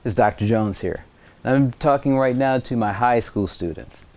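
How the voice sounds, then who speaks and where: A man teaching high school science in a video lesson, telling stories with playful voices for the people he quotes. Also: normal speed, darkish tone.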